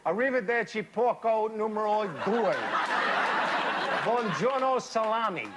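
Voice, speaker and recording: A man reading the big bad wolf in a fairy tale on a live stage, in an oddly paced, deadpan delivery. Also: high voice, measured pace, heavy background noise, voice pushed up. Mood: menacing. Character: big bad wolf, pork-loving and smug. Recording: live stage reading, loud audience laughter.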